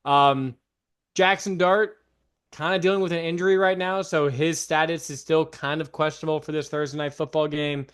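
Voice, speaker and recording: A young man co-hosting a casual sports podcast, upbeat, with frequent fillers and emphatic pitch jumps. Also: steady tone, normal speed, a bit bright, smooth. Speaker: podcast co-host.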